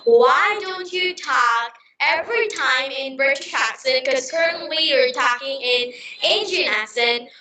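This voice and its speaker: High, bright woman in an echoey room. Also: slight background noise. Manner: slow, drawn-out words when modelling pronunciation. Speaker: host of English conversation practice. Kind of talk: casual English practice conversation. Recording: very echoey room, voice far from the mic.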